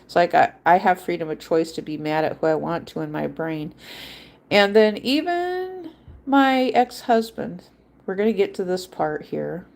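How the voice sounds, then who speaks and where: A woman's voice: fairly low pitch, expressive, unhurried, creaky, a little mellow. A woman hosting a livestream, telling a personal story in a rambling, emphatic way and repeating her points. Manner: acts out quoted voices. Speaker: livestream host. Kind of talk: casual personal monologue.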